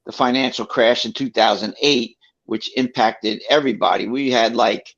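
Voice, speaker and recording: A man's voice: mid-range voice, steady tone, normal speed, creaky, a bit bright. A middle-aged man, telling his own story in a rambling, casual way with many fillers and restarts. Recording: dull lo-fi recording.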